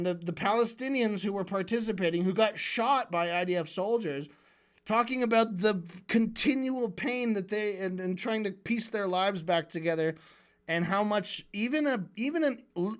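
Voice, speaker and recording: Sarcastic, swearing debate-stream commentator. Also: medium pitch. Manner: sarcastic, profane, heated; stumbling restarts while building arguments. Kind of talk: ranting livestream commentary.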